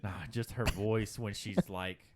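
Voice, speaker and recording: A man in a casual podcast chat, answering trivia in a jokey, animated way. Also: lowish voice, measured pace, background noise. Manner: animated, jokey, laughs often.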